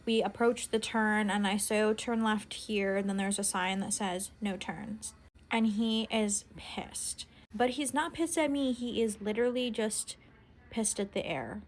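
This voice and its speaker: A woman's voice: medium pitch, moderate pace. Chatty young woman telling a storytime. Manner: chatty, exasperated, lots of "like" fillers. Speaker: vlogger. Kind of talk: casual storytime vlog.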